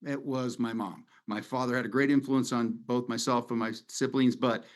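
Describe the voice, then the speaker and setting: A man's voice: mid-range voice, fairly even intonation, normal speed. Middle-aged male webinar host, casual and sentimental, on a video call from a home office. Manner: conversational, rambling, sentimental. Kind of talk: casual presentation over slides.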